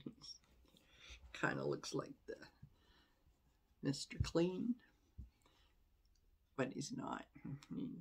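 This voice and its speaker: A woman's voice: very deep voice, gravelly, breathy edge. A woman tarot reader giving casual, conversational commentary, with exasperated asides and frequent laughter.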